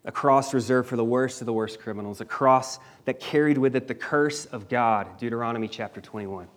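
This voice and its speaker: A man's voice: medium pitch, a little fast. A man preaching a sermon, retelling a scripture passage with emphatic, dramatic storytelling and the odd casual slang aside.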